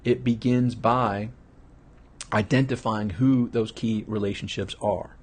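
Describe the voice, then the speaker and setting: A man's voice: fairly low pitch, steady tone, a little slow, slightly rough. A middle-aged man giving a live business training, telling stories in a casual, rambling way full of restarts. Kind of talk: live online training talk with anecdotes.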